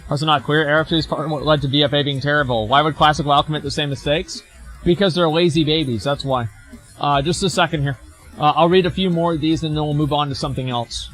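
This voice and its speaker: A man's voice: fairly high pitch, steady tone, fast, a bit bright, faint music behind. Blunt, mocking male streamer. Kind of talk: reading and reacting to forum posts.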